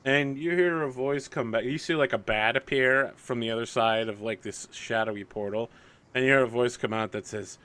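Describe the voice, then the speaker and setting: Male game master, bright voice, loose chatty narration, streamed tabletop game. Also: mid-range voice, moderate pace. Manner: casual, chatty, lots of fillers like "like".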